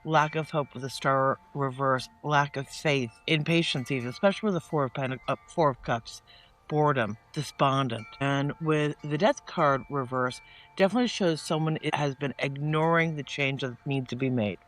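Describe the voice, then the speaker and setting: A man giving a casual spoken tarot reading. He rambles and often restarts his sentences, and he turns lively when he quotes people. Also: medium pitch, moderate pace, soft background music. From northeastern United States. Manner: chatty and meandering, with many restarts and asides; animated when quoting people in mock-casual voices. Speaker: tarot reader.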